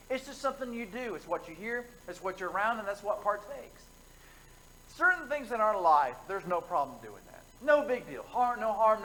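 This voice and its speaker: A man's voice: sits high, pushed and bright, slight background noise, low-quality recording. A man preaching an evening sermon in a church, telling folksy stories with asides to the congregation. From United States. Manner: conversational storytelling, folksy asides. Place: church sanctuary.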